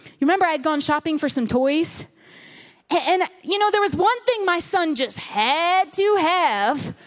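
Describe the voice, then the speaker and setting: High-voiced woman pastor telling a story. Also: a little slow. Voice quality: animated, dramatic storyteller with hushed retellings. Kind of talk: storytelling sermon. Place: church stage before a congregation.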